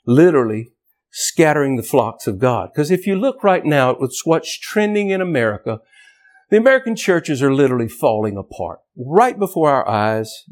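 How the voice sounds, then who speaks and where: A man with a fairly high voice preaches an impassioned sermon, repeating himself emphatically and building toward near-shouting on the key points.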